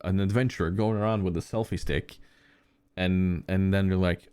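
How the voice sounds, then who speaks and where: Low-pitched male podcast co-host, dry recording; loose, rambling storyteller who restarts sentences. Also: steady tone, normal speed, mellow, clean tone, no room sound. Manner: rambling anecdotes with frequent fillers and restarts. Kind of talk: casual chat.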